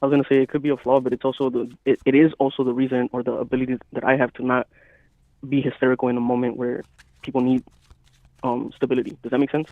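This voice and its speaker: Calm chill guy talking quick on a podcast, thin phone-ish audio. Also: medium pitch, no room sound. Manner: calm, even, matter-of-fact. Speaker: podcast co-host. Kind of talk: casual podcast chat. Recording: dry, phone-like thin sound.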